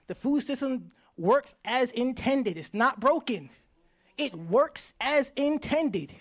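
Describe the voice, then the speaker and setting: A man from Hartford, Connecticut, a farmer telling his life story live on stage in an animated, slangy way, speaking straight to the audience. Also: high voice. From Hartford, Connecticut, USA.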